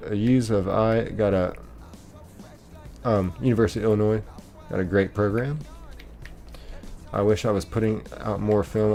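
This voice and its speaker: An American man hosts a live stream, chatting loosely with his viewers and wandering off on tangents. His voice sits a bit low and has a gravelly edge. Faint game music plays under his talk. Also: warm tone. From United States. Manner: rambling, with many fillers and restarts. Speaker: livestream host. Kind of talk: casual chat reading live comments.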